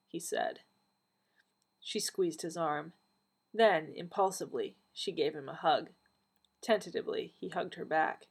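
Husky, low-voiced woman reading a story. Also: a little slow. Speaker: audiobook reader. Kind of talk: storybook narration.

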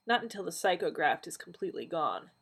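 A woman voicing the Doctor, a weary, dry-witted alien time traveller man, speaking gently in a lowish, husky voice. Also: very animated, brisk, full character voice.

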